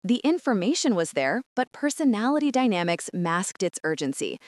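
A woman's voice: medium pitch, big pitch swings, normal speed, no echo, clean studio sound. A woman giving polished, emphatic scripted narration as an explainer.

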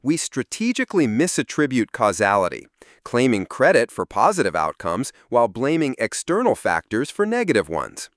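A man giving a measured, scripted explanatory narration. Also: medium pitch, huge pitch swings, dry recording, clean studio sound.

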